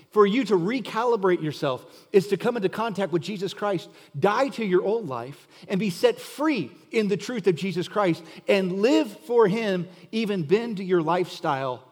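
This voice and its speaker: A middle-aged man preaching a sermon as pastor, emphatic and asking the listeners pointed questions. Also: high voice. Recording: long hall reverb.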